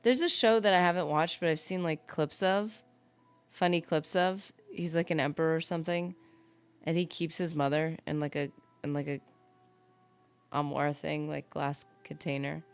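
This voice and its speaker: A woman's voice: sits low, fairly even intonation, normal speed, clear, resonant tone, no echo, soft background music. A woman streaming a game, chatting casually and rambling to her viewers as she plays. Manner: chatty, rambling, talks to chat. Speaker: gaming streamer. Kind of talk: casual live-stream commentary.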